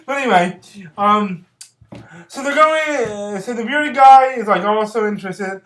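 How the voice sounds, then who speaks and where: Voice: mid-range voice, a little slow, fairly bright tone. Rambling giggly movie recapper, roomy sound. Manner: rambling, filler-heavy, giggly. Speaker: vlogger reviewing films. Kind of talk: casual movie plot recap.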